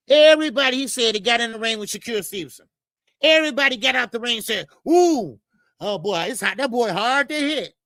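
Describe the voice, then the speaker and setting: Gravelly, bright-voiced boxing stream host. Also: male voice, sits high, no echo. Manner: animated, profane, repeats phrases. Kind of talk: live-stream boxing talk rant.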